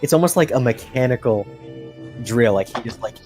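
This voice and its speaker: A man's voice: medium pitch, animated, fairly quick, a little mellow, soft background music. A young man narrating as game master, hesitant and full of fillers as he describes the scene. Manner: hesitant, many fillers and restarts.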